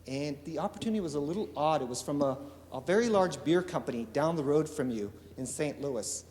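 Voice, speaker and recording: A man from eastern Oregon telling a lively business story to an audience, acting out the dialogue. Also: a little high, brisk. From eastern Oregon, USA. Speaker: entrepreneur giving a talk. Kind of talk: storytelling keynote speech. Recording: reverberant hall with faint ambience.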